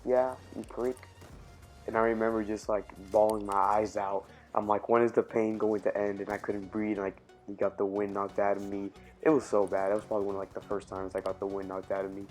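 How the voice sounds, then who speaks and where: A man's voice: lowish voice, monotone, fast talker, few pauses, darkish tone, faint music behind. A young man casually telling a personal story on his channel, rambling with lots of fillers and self-corrections. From Cuban family. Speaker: YouTube storyteller.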